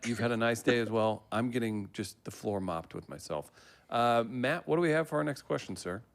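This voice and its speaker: A man hosting a trivia night over a livestream, chatty and joking, laughing often. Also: medium pitch. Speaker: trivia host.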